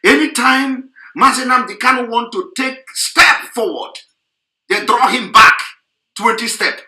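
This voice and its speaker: A man's voice: extremely high pitch, a little slow, sharp tone, roomy sound. A man delivering a heated, repetitive, scolding political rant on an online radio broadcast.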